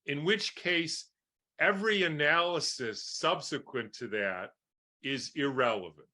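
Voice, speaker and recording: A man speaks slowly in a bright, forceful voice. He answers interview questions as a doctor and makes his points with everyday comparisons. He keeps checking with his listener. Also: a little high. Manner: explains with homely analogies, keeps asking "right?". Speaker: guest doctor.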